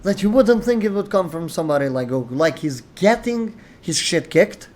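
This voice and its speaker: A man's voice: sits high, animated, normal speed, darkish tone. Opinionated man arguing his case. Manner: opinionated, explains at length, quotes characters. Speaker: host. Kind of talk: casual discussion.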